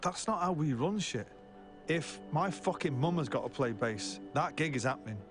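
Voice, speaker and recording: A man's voice: a little high, expressive, moderate pace. A man telling blunt, sweary band stories in a documentary interview, laughing his way through them. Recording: voice under loud music.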